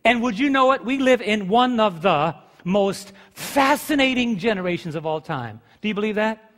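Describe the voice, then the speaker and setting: High-voiced man preaching in a reverberant church. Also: expressive, moderate pace, a bit bright. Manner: emphatic preaching with rhetorical questions to the congregation. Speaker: pastor. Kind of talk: sermon. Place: church sanctuary.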